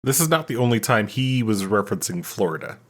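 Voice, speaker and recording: A man's voice: fairly low pitch, animated, fairly quick, a bit bright. A man co-hosting a podcast in casual chat, making wry, crude joking asides. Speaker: podcast co-host.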